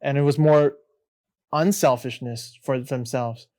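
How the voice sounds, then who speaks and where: Sincere young man, measured and searching. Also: mid-range voice, fairly even intonation, a little mellow. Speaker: podcast co-host. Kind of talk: casual faith podcast chat.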